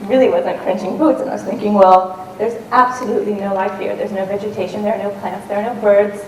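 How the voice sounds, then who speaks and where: A woman's voice: medium pitch, steady tone, quick pace, a little mellow. Woman speaker, casual storytelling talk with ums, distant mic, faint hum behind. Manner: conversational, with frequent ums and restarts. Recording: roomy and distant with faint noise.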